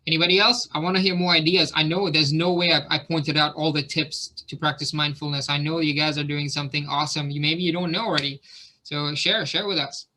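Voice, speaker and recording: A man's voice: on the high side, steady tone, fairly quick, bright, forceful tone. A man coaching a group on a video call, talking in an encouraging, conversational way. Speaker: fitness coach.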